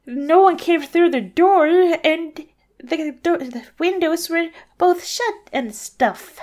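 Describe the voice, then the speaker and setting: A woman voicing a lonely, tearful young Cinderella in a high, plaintive voice while casually reading a storybook aloud. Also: takes it slowly, darkish tone.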